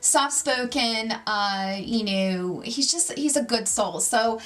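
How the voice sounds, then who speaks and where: A woman in her forties talks straight to camera on her own channel, chatty and openly nervous. Her voice sits a little high. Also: slow pace. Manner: chatty, self-described loud, nervous. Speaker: YouTube channel host. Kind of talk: casual chat to camera.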